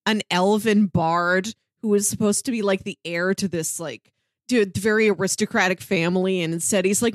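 A woman's voice: mid-range voice, steady tone, moderate pace, dry recording, studio quality. A woman co-hosting a podcast, chatting casually and laughing easily. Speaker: podcast co-host.

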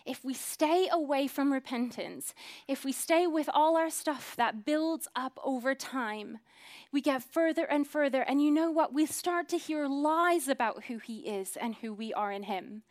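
A woman in her thirties with a high voice preaches a sermon a little slowly. She's earnest, dropping to hushed whispers and then rising to emphatic swells.

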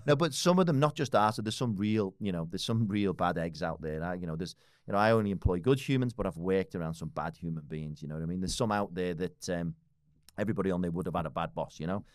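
A man's voice: low-pitched, fast talker, no room sound, studio quality. A man in his forties, a podcast guest talking casually and bluntly, swearing freely and laughing often. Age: 40s.

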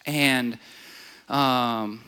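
A man's voice: mid-range voice, steady tone, very slow, sharp tone, smooth. Man preaching in a reverberant hall. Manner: storytelling, builds to emphatic exhortation. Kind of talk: sermon.

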